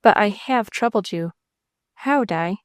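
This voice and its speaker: Woman reading as a gentle young husband. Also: on the high side, a little fast, no echo, studio quality, close to an everyday voice. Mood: tender. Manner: gentle, earnest.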